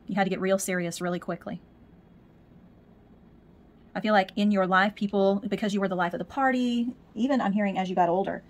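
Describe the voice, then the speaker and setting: A woman giving a spiritual tarot reading, talking in a musing way and repeating words as she searches for messages. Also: mid-range voice. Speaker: tarot reader.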